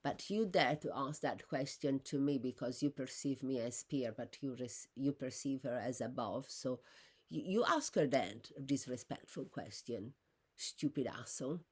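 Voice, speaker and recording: Woman, deep-pitched, unscripted monologue; halting, self-correcting, flares upward when indignant. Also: slightly rough. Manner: rambling, with many fillers and restarts.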